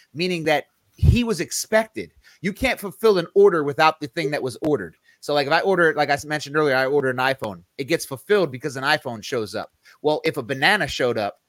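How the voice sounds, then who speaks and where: Male podcast host, slightly higher voice, dead-dry close mic, loose conversational Bible teacher. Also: fairly bright tone, no room sound. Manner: conversational, self-correcting, emphatic on scripture quotes. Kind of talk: casual Bible study teaching.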